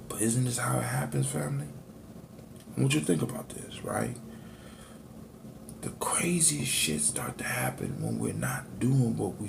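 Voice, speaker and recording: A man's voice: medium pitch, vocal fry, darkish tone, slight background noise. A man teaching in a preachy, motivational way and speaking straight to his listeners as family. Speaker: spiritual teacher.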